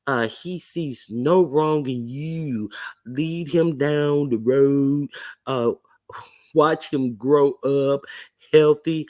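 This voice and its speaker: A man's voice: mid-range voice, darkish tone. A man hosting a livestream, giving blunt, sassy gossip commentary and greeting chat viewers between remarks. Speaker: livestream host.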